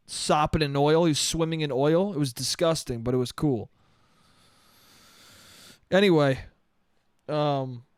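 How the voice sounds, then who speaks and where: Profane, rambling podcast guy, slightly high voice. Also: no room sound, clean studio sound. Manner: profane, rambling, says "dude" a lot. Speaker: podcast host. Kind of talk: solo comedic podcast rant.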